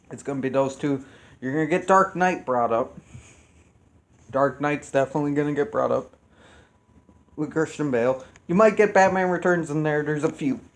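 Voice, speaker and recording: Male reviewer, casual chat, profane and rambling, ordinary mid pitch. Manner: rambling, profane, restarts often. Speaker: YouTube reviewer.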